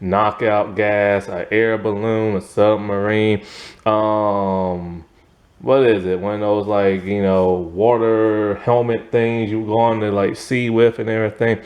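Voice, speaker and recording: A man giving a casual spoken video review of a TV series, rambling, filling pauses with fillers and laughing often. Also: lowish voice, flat delivery, highs cut off.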